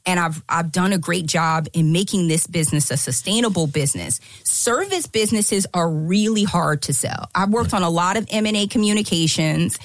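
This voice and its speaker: A woman guest on a podcast telling a story, animated and emphatic, acting out the lines she quotes. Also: on the low side, normal speed, few pauses, no echo. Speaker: guest entrepreneur.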